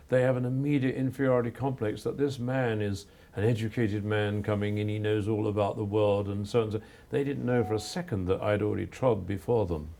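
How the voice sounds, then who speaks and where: Older male photographer from England, gravelly and mellow, earnest and reflective. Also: fairly low pitch, a little hiss or hum. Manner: earnest, measured, with frequent restarts. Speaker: photographer guest. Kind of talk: reflective interview answers.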